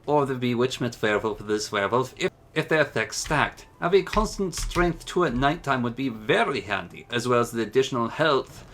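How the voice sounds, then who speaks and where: A man's voice: medium pitch, lively intonation, a little fast, hardly any pauses, fairly bright tone, slight background noise. A man hosting a game mod showcase, commenting in a chatty, enthusiastic way. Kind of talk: casual gameplay commentary.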